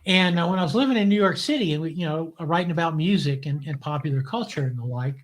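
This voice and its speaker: A man from the Southern US with a Southern accent, telling lively anecdotes as a guest in a live interview. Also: a little high, fast. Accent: Southern American. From Southern US, Memphis. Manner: lively anecdotal storyteller, acts out quotes. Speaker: guest, TV producer.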